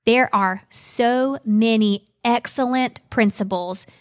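Earnest woman teaching the Bible. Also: a little high. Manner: earnest, measured teaching with occasional fillers. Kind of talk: podcast Bible study, reading scripture aloud.

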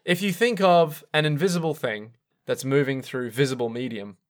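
A man's voice: mid-range voice, moderate pace. A young man co-hosting a casual podcast chat, swearing freely and firing off wisecracks. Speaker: podcast co-host. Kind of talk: casual chat recapping an anime.

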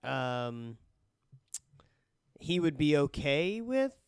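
Man, somewhat high voice, dry close sound, short puzzled reactions, casual. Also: sing-song, extremely slow, clean tone, no room sound.

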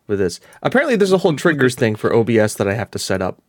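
A man co-hosting a stream in casual banter, stumbling and restarting his sentences often. His voice sits at an ordinary middle pitch. It is close-miked and dry, with no room sound around it. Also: big pitch swings, racing, no echo. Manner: rambling, stumbles over words. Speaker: co-host of a live-streamed podcast.

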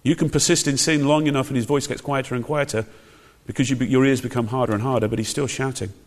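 Preacher, emphatic, in a reverberant hall. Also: male voice, mid-range voice, steady tone, fast. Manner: emphatic, conversational preaching with rhetorical questions. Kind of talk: sermon.

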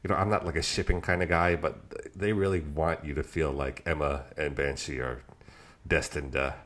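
A man with a very low, deep voice talks about comics with a fan's energy. He retells scenes eagerly and often laughs as he goes. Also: steady tone, moderate pace, fairly bright tone. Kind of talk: casual comic book discussion.

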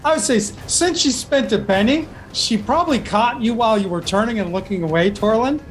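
A game master narrating a tabletop pirate game in a halting way, with many fillers. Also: medium pitch, faint music behind.

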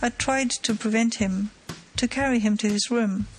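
A woman's voice: on the high side, normal speed, lightly acted, low-quality recording. Woman reading a panicky nanny, upset and pleading. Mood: distraught. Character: distraught household nurse, woman.

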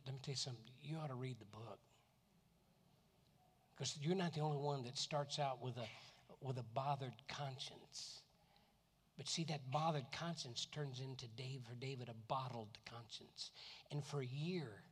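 A man from Florida preaching a sermon, animated, who often repeats words and acts out voices. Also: mid-range voice, slightly rough. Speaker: pastor. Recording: long reverb of a hall.

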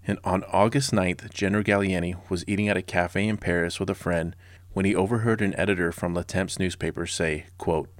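Deep-voiced sarcastic history narrator. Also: male voice, steady tone, a little fast, dry recording, studio quality. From Southern California. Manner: sarcastic and blunt, with casual personal asides. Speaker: podcast host.

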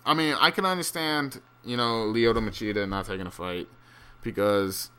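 A man's voice: on the low side, moderate pace, sharp tone, clean tone. A man rambling through a casual, profane solo monologue with many fillers and restarts, turning incredulous and ranting at times. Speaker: solo fight commentator.

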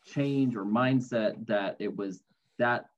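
Low-voiced man rambling on a podcast. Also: slow pace, lo-fi sound. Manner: rambling, many fillers and restarts. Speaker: podcast co-host. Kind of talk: casual podcast chat.

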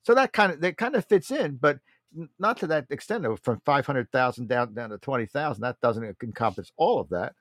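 A man's voice: medium pitch, expressive, brisk, a bit bright, dry recording, studio quality. A man hosting a political talk show, delivering a blunt, mocking monologue and often calling his listeners folks.

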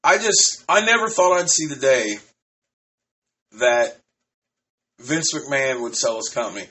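Brief: thirties male podcast host, solo ramble, loose and profane, mid-pitched. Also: lively intonation, unhurried, sharp tone. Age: 30s.

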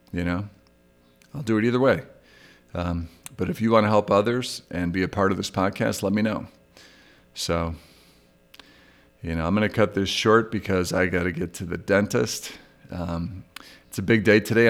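A middle-aged man hosting a solo podcast, talking candidly and reflectively about his own struggles. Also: deep voice. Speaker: podcast host. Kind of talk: solo recovery podcast monologue.

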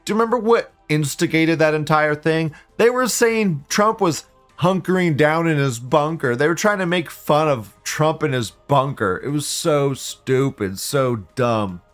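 A male livestream host reads chat messages aloud and fires back with blunt, profanity-laced rants. His voice sits at an ordinary middle pitch. Faint music plays quietly behind him. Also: expressive, measured pace. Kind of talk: ranting commentary reading viewer chat.

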